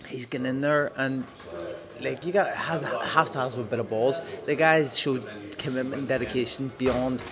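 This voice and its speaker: Northern Irish male boxer, frank and sweary, mid-range voice, loud crowd behind. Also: mid-range voice, normal speed. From Northern Ireland. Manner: frank, swearing, repeats words. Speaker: boxer interviewed at ringside. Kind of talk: casual chat. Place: busy boxing arena.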